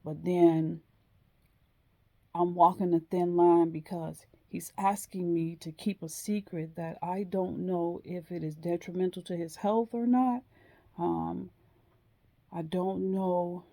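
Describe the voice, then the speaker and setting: A woman telling a personal story in a slow, hesitant way, with frequent pauses and ums. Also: on the low side, dark tone. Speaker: vlogger.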